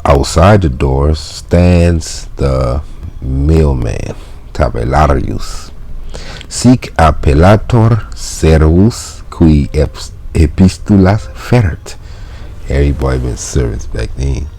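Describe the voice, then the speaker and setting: Deep slow-talking casual Latin teacher, man. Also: sing-song, gravelly, dark tone, breathy edge. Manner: casual, laughs, slangy asides. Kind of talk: reading and translating a textbook.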